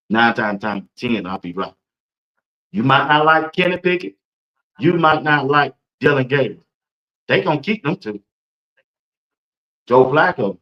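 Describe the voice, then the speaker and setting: A man's voice: fairly high pitch, dull audio. A man, hosting a casual live-stream sports talk show, chatty and loose and speaking to viewers in the chat by name.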